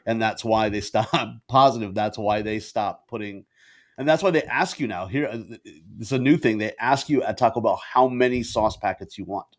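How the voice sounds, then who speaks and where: A man co-hosting a podcast, telling stories in animated casual banter and laughing often, recorded over a video call. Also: lowish voice, moderate pace. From Indian family. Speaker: podcast co-host. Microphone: video call with ring light.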